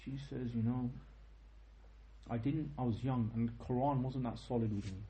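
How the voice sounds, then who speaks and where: Man, young adult, informal religious lecture, animated storytelling, mellow and warm. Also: mid-range voice, moderate pace, echoey room, a little hiss or hum, low-quality recording. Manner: animated storytelling, tag questions, quotes in Arabic. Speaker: teacher of a history lesson.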